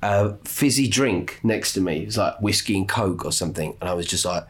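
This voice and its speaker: A man casually telling animated stories on a podcast, laughing often and swearing casually. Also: low voice, a little fast. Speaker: podcast co-host. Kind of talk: casual storytelling chat.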